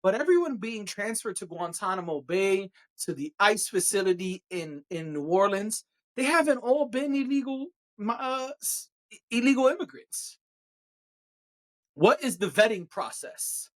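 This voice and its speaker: A man's voice: high voice, expressive, unhurried. A man hosting a solo podcast rant, sarcastic and exasperated, swearing freely and firing off rhetorical questions. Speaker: podcast host.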